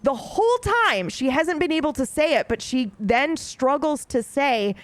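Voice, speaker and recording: A woman streaming a game, chatting casually to her viewers in an excitable, profane way that is full of laughs. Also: high voice, measured pace, few pauses, no room sound. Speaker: let's play streamer.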